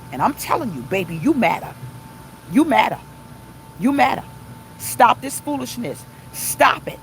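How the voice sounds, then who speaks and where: A woman's voice: a little high, vocal fry, a little hiss or hum, low-quality recording. Emphatic woman pastor preaching. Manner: emphatic, repeats phrases, talks to live viewers. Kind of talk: informal livestream sermon.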